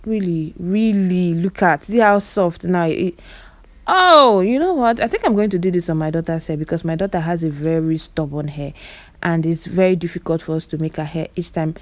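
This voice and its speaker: A woman's voice: deep voice, fairly even intonation, fairly quick, warm tone, no echo. A woman with a Nigerian Igbo accent giving chatty voice-over commentary on clips, exclaiming often and talking straight to her viewers. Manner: repeats words for emphasis. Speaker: vlogger.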